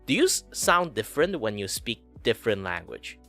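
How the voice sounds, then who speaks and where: A man's voice: on the low side, sing-song, moderate pace, pushed and bright, soft background music. A man hosting a casual streamed chat, rambling with many fillers and restarts. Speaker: podcast host.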